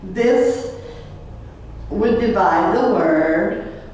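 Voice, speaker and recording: A woman's voice: medium pitch, animated, drawn-out words, a little mellow, slight background noise. A woman teaching a Spanish class, patiently modeling words and having the class repeat them. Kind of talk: classroom language lesson. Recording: echoey room, mic far off.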